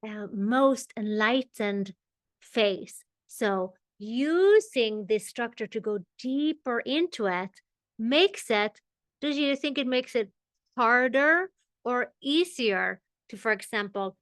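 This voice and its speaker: A woman teaching a meditation class, explaining ideas in an unhurried way and checking in with her listeners. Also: on the high side, animated, fairly bright tone, no echo. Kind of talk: spiritual teaching.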